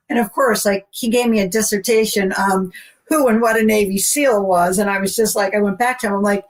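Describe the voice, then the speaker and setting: A woman co-hosting a podcast, telling a story in a rambling, animated way and acting out the dialogue. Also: fairly high pitch, fairly quick, poor audio. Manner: rambling, animated, acts out quoted dialogue, many fillers. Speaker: podcast co-host. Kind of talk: casual storytelling.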